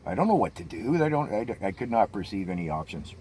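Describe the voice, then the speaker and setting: An older man retelling a frightening memory in a tense, halting way, stumbling and restarting as he speaks. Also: lowish voice, big pitch swings, warm tone, a little hiss or hum. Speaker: storyteller. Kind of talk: personal storytelling.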